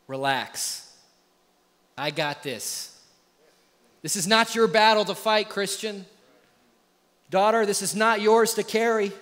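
A man preaching a sermon as a pastor, earnest, moving between hushed and emphatic delivery. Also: high voice, big-room sound. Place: church sanctuary.

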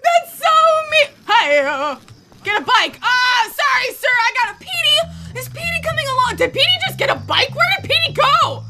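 A woman's voice: very high voice, sing-song, moderate pace, sharp tone, slight background noise. A woman casually commenting on a video game as she plays, joking and chatty. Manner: playful, jokey, chatty, laughs a lot. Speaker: gameplay video host.

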